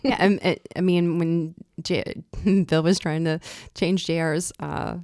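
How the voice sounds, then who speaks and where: A middle-aged woman with a Boston accent, telling stories on a podcast and acting out quotes with sudden jumps in pitch and loudness. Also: slow, vocal fry, dry recording, clean studio sound. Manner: animated, acts out quotes with jumps in pitch and volume. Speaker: podcast host. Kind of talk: casual storytelling chat.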